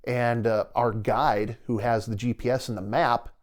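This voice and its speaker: A man's voice: medium pitch, fairly even intonation, a little slow, hardly any pauses. Middle-aged male guest with a mid-range voice, loose and rambling, acting out his own thoughts as he retells a story. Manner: rambling, vivid retelling with quoted inner dialogue. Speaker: podcast guest, retired soldier. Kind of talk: casual storytelling interview.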